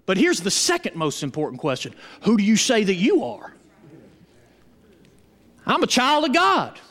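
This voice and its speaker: High-voiced preacher in an echoing hall. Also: male voice, normal speed. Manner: call-and-response preaching, animated and emphatic. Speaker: pastor. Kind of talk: sermon. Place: church.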